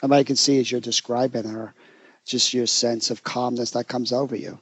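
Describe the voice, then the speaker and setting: A man, a therapist co-hosting a podcast, talking in a gentle, reflective way. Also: mid-range voice, fairly even intonation, normal speed, breathy edge, no room sound. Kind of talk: casual podcast conversation.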